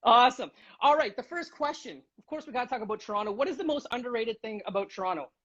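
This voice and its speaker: Male blog interviewer, rapid and upbeat, husky voice, fanboyish, lo-fi call audio. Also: very high voice, sharp tone. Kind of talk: casual video-call interview.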